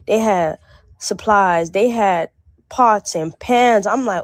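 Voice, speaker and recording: A young woman from the North Miami area rambles excitedly in a casual vlog, full of slang. Her voice sits at a middle pitch and sounds close and dry, with no room around it. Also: a little slow, no room sound. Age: young adult. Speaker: vlogger.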